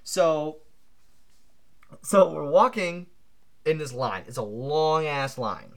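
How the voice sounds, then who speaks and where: A man co-hosting a podcast, telling a long anecdote in an animated, rambling way full of fillers. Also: on the high side, slow. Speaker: podcast co-host. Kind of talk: casual storytelling chat.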